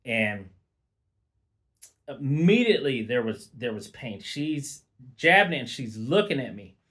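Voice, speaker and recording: A middle-aged man spins an unscripted storytime at an unhurried pace. He rambles casually, circling back with fillers and restarts. His pitch sits in an ordinary middle range. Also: very animated, fairly bright tone. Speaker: vlogger.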